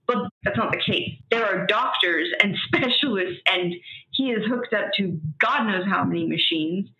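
A woman's voice: mid-range voice, pushed and bright. Tearful woman in a roomy space. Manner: tearful, halting, many fillers. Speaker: guest sharing grief. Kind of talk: emotional conversation. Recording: roomy, slightly dull sound.

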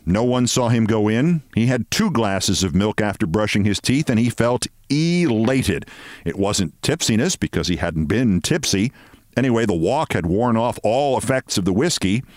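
A man hosting a show, reading a story aloud in a measured, expressive way. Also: on the low side, no room sound, studio quality. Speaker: host.

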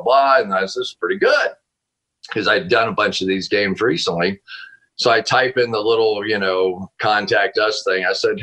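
Bright-voiced man telling a story. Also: on the low side, poor audio. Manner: animated, laughs often, frequent restarts. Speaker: guest, football analyst. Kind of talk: casual storytelling interview. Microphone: video call.

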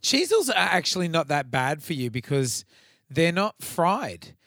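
A man's voice: on the high side, very animated, measured pace, fairly bright tone, dry recording, studio quality. A man with an Australian accent co-hosting a podcast, rambling and swearing in casual banter. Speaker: podcast co-host. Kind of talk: casual chat.

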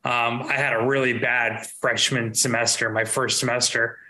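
A man of middle pitch co-hosting a podcast, rambling casually with plenty of "like" and "um." His voice has a bright, forward edge. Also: normal speed, poor audio. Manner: relaxed, rambling, full of fillers. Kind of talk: casual chat.

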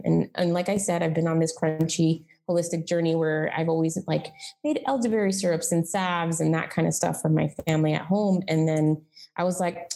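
A woman's voice: lowish voice, steady tone, moderate pace, mellow. A woman in her thirties telling her personal story as a podcast guest, candid and chatty, with lots of "like" and "um". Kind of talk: casual conversational storytelling.

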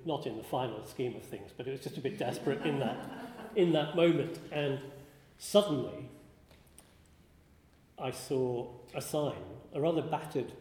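A man's voice: mid-range voice, mellow. A man from northern England giving a talk to an audience, telling an anecdote in a wry, self-deprecating way. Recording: echoey hall.

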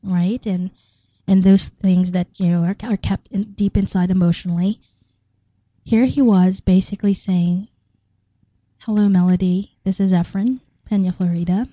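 A middle-aged woman from the Philippines tells her story with energy, slipping into the voices of the people she quotes. Her tone is warm and mellow, and she is recorded close to the mic with a dry, dead sound. She laughs easily as she talks. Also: mid-range voice, normal speed, no room sound, poor audio. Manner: animated, acts out quoted dialogue, laughs often. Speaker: guest telling her story. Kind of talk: personal storytelling.

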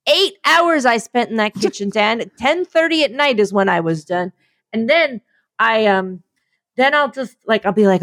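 Animated, rambling woman with a lively voice. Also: a little high, moderate pace. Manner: rambling, self-mocking, acts out her own inner voice. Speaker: podcast co-host. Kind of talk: casual chat.

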